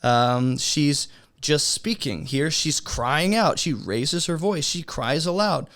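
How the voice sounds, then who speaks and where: A man teaching a beginner's Bible study lesson in a relaxed, conversational way, asking his listeners rhetorical questions. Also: a little high, slow.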